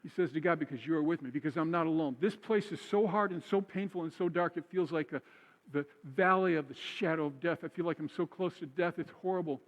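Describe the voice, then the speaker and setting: Male pastor, high-pitched, conversational sermon delivery, church hall reverb. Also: brisk. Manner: conversational preaching, repeats key phrases for emphasis. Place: church sanctuary.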